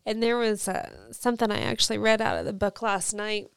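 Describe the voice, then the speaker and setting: A woman in her thirties with a smooth, resonant voice, heard close and dry. She tells her story earnestly, and she is easily moved as she speaks. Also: mid-range voice, animated, fairly quick, dry recording. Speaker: podcast co-host. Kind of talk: faith podcast chat.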